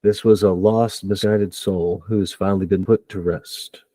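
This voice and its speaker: A man's voice: sits low, fairly even intonation, normal speed, mellow, dry recording. Man voicing a solemn old mentor fighter. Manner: solemn, formal speech.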